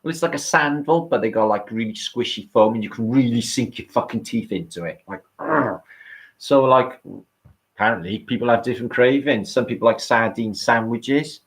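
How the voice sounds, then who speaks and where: A man's voice: medium pitch, fairly quick. Guy on a late night stream, rambling and swearing a lot, answering chat, normal mid voice. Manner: rambling, sweary, chatty with the audience. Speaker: livestream host. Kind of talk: late-night casual chat reading viewer comments.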